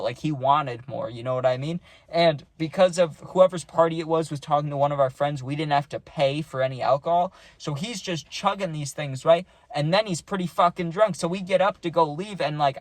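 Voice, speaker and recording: A man's voice: a little high, no room sound. A young man casually telling a rambling party story, full of slang and saying "dude" a lot.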